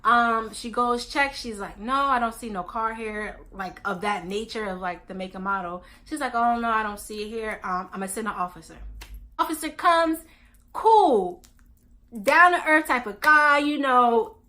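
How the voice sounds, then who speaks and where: A young woman in her twenties telling a storytime in casual chat, animated and acting out quotes. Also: a little high, normal speed. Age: 20s. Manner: animated, acts out quotes of others. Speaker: vlogger.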